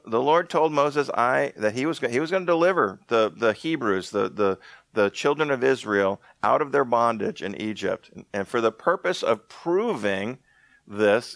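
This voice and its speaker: A man preaching a sermon in a conversational way, slowing down to read scripture aloud. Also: mid-range voice, a bit bright, no echo. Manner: conversational, restarts often, reads scripture slowly. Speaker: pastor.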